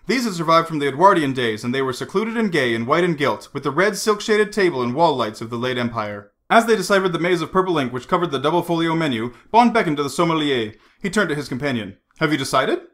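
Male hobby audiobook reader, animated and quick, fairly high voice. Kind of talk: reading a novel aloud.

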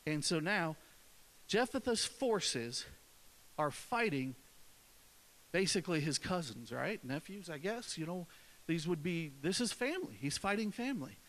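A man's voice: a little high, sing-song, unhurried, a bit bright. A man with a northern US accent giving an informal, conversational sermon with an emphatic delivery and frequent restarts. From northern United States. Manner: conversational, with many fillers and restarts. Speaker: preacher.

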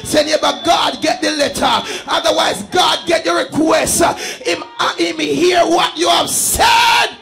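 A man preaching a fervent live sermon in a church service, shouting and chanting calls to the congregation. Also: extremely high pitch, measured pace, vocal fry, few pauses, soft background music, some chatter behind.

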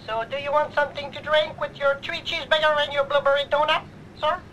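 A woman's voice: high-pitched, fairly even intonation, fast, a bit bright, highs cut off, slight background noise. A woman voicing a polite drive-thru attendant taking orders through a speaker box. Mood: businesslike.

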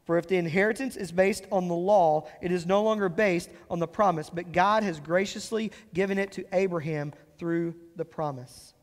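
A man preaching a sermon as pastor, explaining scripture and slowing down to stress key phrases. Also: high voice, in a large hall. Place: church sanctuary.

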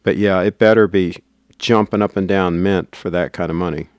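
A man's voice: low-pitched, fairly even intonation, moderate pace, no echo, studio quality. A man hosting a casual livestream, rambling and reading out viewer comments. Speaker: livestream host.

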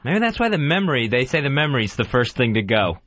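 A man's voice: medium pitch, very animated, quick pace, fairly bright tone. A man on a radio talk show, offhandedly chiming in with side remarks. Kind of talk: casual radio banter. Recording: dull lo-fi radio with faint noise.

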